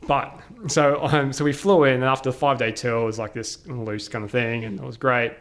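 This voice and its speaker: On a podcast, an Australian man with a medium-pitched voice tells a travel story. He's casual and animated, saying "like" a lot and slipping into quick quoted voices.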